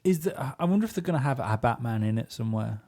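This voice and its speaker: A laid-back man co-hosts a comedy podcast in a mid-pitched voice. He drops dry, wry one-liners and swears casually. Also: animated, fast, warm tone. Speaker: co-host.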